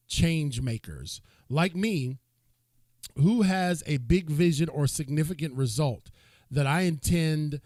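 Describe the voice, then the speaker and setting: A man with a fairly high voice hosts a virtual summit over a video call. He is upbeat and deferential, and he leads the audience through a call-and-response. The sound is dry and close. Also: darkish tone, dry recording. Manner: deferential, upbeat, says yes sir. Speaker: summit host. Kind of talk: introducing a guest, leading a call-and-response.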